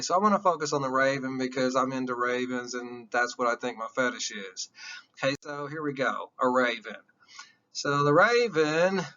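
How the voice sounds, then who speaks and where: Male lecturer, animated classroom delivery, sharp forceful tone, muffled lo-fi capture. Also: medium pitch. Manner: excitable, emphatic, checks in with listeners.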